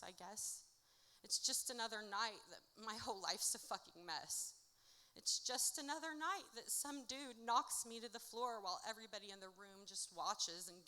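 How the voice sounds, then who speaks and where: A woman performing her own spoken-word poetry at a live event, with a rhythmic, dramatic delivery that swings from hushed to loud. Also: fairly high pitch. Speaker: author reading her own work. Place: indoor music venue at a live event. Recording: reverberant live venue recording.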